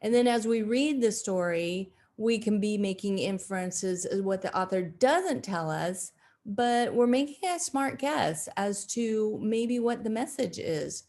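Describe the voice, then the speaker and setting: Slow-paced woman teaching a video lesson. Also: medium pitch, animated, darkish tone. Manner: slow, deliberate, with frequent fillers and self-corrections. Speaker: second grade teacher.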